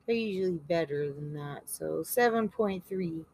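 A woman's voice: fairly low pitch, moderate pace, a little mellow. A woman co-hosting a podcast in casual chat, playful and foul-mouthed. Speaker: podcast co-host.

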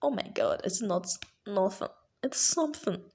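A woman's voice: mid-range voice, lively intonation, moderate pace, a little mellow, breathy edge. A woman voicing a teenage schoolgirl who failed her exams, wailing and indignant through her tears. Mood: upset, tearful.

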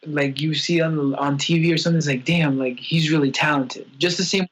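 Husky young man in candid chat. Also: a little high, fairly even intonation, fairly quick, fairly bright tone, low-quality recording. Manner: rambling, filler-heavy, candid and emotional. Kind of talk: casual podcast chat.

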